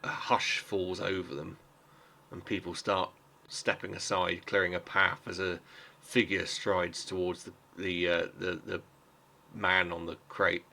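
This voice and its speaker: A man's voice: sits low, level tone, unhurried, vocal fry, pushed and bright. A man narrating as game master in a casual, hesitant way with many fillers.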